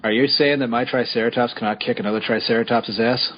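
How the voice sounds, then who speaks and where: A man co-hosting a podcast in casual chat, quick, playful and easily amused. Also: mid-range voice, steady tone. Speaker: podcast co-host. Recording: dull lo-fi podcast audio.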